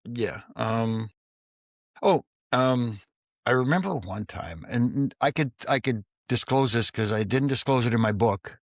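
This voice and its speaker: Gravelly former referee telling stories. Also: male voice, mid-range voice, expressive, unhurried, dry recording, studio quality. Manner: storyteller who acts out quoted dialogue in his tales. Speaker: former wrestling referee, interview guest. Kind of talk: casual anecdotal storytelling.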